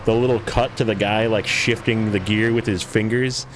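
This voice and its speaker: Lowish-voiced man chatting on a game stream. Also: steady tone, moderate pace, a little hiss or hum. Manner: rambling and self-deprecating, chatting with viewers. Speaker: gaming livestreamer. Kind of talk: casual livestream chat while playing.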